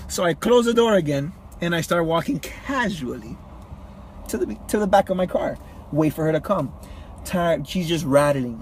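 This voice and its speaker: A man's voice: a little high, expressive, normal speed, a little mellow, a little hiss or hum. A young man vlogging, telling a story in a casual, rambling way, repeating himself and calling people bro.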